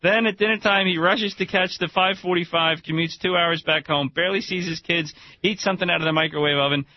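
A man with a New Jersey accent co-hosting a talk radio show in casual, animated chat, laughing often. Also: sits high, brisk. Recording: muffled radio broadcast with faint hiss.

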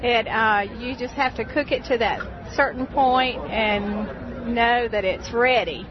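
A friendly woman with a Mississippi drawl speaks in a high, bright voice. She is recorded outdoors amid a bustling crowd, and the sound is dull and muffled. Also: slow pace, background noise. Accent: Mississippi Southern. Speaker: restaurant owner's wife, interviewee. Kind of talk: casual interview at a food festival.

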